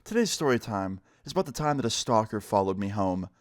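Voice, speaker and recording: A man's voice: lowish voice, a little fast, dry recording, studio quality. A young man from New York telling a personal story casually on camera, full of slang and quoted dialogue. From United States, New York. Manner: relaxed, slangy, acts out quotes in his own voice.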